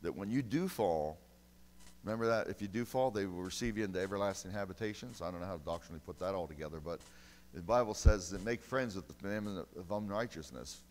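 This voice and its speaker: A male pastor preaching a sermon, folksy and emphatic, with sudden loud bursts between quieter, conversational stretches. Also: low-pitched, fast talker, long reverb tail, a little hiss or hum. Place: church sanctuary.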